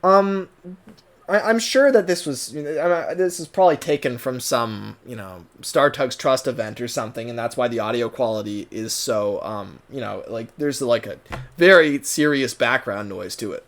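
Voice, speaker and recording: A man's voice: mid-range voice, moderate pace, fairly bright tone. Rambling man giving casual commentary. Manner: rambling, many restarts, nervous laughs. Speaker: cartoon fan commentator.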